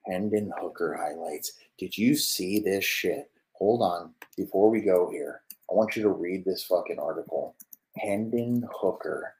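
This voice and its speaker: A man in his twenties in casual live-stream commentary, swearing constantly and rambling to his viewers as he reacts to football highlights. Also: unhurried, darkish tone, poor audio. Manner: loose and rambling, talks to viewers.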